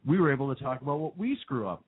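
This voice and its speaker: A man's voice: medium pitch, big pitch swings, fast, breathy edge. Boston male radio host, casual rambly banter, narrow phone-line audio. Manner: rambling, self-deprecating, laughs often.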